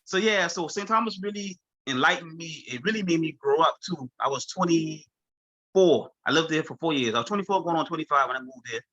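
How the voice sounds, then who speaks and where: A man's voice: a little high, brisk, lo-fi sound. A man from Charleston with a Gullah Geechee-influenced accent, telling stories in an easygoing interview and laughing often. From Charleston, South Carolina. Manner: animated, laughs often, mimics friends in quotes. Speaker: chef, guest. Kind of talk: casual conversational storytelling.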